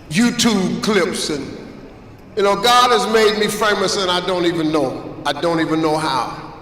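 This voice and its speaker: A man's voice: high voice, lively intonation, measured pace, a bit bright, slight background noise. A man giving a motivational talk to students, emphatic and preacherly, repeating phrases for effect. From United States. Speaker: guest speaker. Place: large auditorium. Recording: echoey hall from far off.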